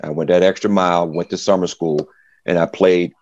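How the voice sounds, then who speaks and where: A middle-aged former football player with a low voice tells his story fairly quickly in an interview, acting out the voices of people he quotes. The recording sounds dry and muffled.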